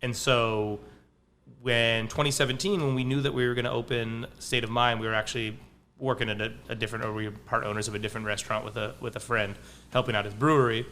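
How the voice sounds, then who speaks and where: A man's voice: mid-range voice, little pitch movement, quick pace, fairly bright tone, a little hiss or hum. A man who owns a pizza restaurant, talking casually as a podcast guest in a rambling way, full of restarts and fillers. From Palo Alto, California. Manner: rambling, frequent likes and restarts.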